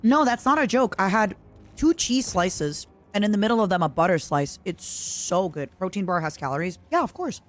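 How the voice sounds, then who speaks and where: While playing a video game on stream, a young woman rambles chattily, reads viewers' chat messages aloud, and responds to them. She speaks expressively at a moderate pace and medium pitch.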